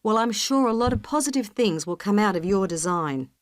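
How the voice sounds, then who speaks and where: A woman's voice: mid-range voice, animated, fairly quick, no echo, lightly acted. Woman doing a upbeat professor, voice goes up and down a lot, dry studio sound. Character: female professor advising a student. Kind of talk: scripted exam listening recording.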